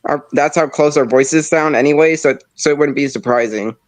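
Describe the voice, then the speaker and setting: A man's voice: on the high side, moderate pace. A young man with a slightly nasal, stuffed-up voice, chatting casually on a stream with rambling, restarting sentences. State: stuffed-up nose. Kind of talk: casual chat.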